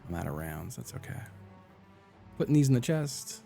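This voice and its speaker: A man's voice: medium pitch, big pitch swings, moderate pace, vocal fry, mellow, faint music behind. A man live-streaming a game, chatting casually, narrating his own moves and greeting his viewers. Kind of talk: casual gameplay chat.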